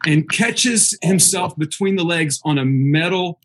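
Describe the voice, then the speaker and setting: A man's voice: fairly high pitch, a little slow. A man telling a funny story in a casual chat, acting out the voices of others and laughing as he goes. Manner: animated, acts out the voices of others.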